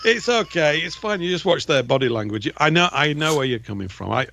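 Gravelly English man, casual radio chat. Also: a little high, expressive, normal speed, sharp tone. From England. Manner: chatty, jokey, drifts into mimicking regional accents. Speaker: co-host.

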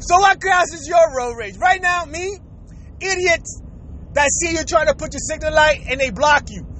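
A man's voice: extremely high pitch, normal speed, bright, forceful tone. A young man ranting profanely about traffic while driving, repeating himself. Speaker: vlogger. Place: inside a car in city traffic. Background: faint traffic noise.

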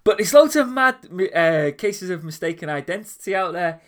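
Lively man telling stories. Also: sits high, moderate pace. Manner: animated storyteller, acts out voices in anecdotes. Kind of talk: casual chat, storytelling.

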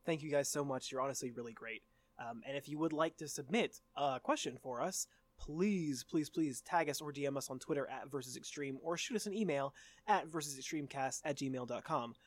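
A man's voice: mid-range voice, brisk, dry recording. A young man co-hosting a podcast, teasing his friends in casual, profane banter. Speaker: podcast co-host.

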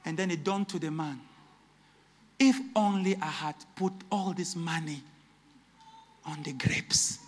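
A male pastor, preaching a sermon that swings between shouted peaks and hushed, low passages. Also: unhurried, in a large hall.

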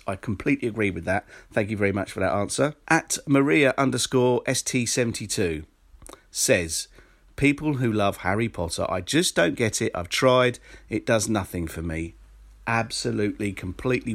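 Sarcastic man, lively low voice. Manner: sarcastic, exasperated commentary with dry asides. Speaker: podcast host. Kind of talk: solo podcast reading listener answers.

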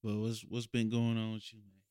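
A man's voice: lowish voice, completely flat delivery, fairly quick, dark tone, smooth, no echo, studio quality. A young man hosting a casual podcast chat in loose slang, often trailing off and restarting. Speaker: podcast host.

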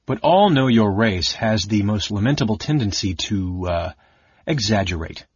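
A man voicing an old male archmage speaking in a measured, patronizing way. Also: fairly low pitch, animated, husky, dry recording, lo-fi sound. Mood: condescending.

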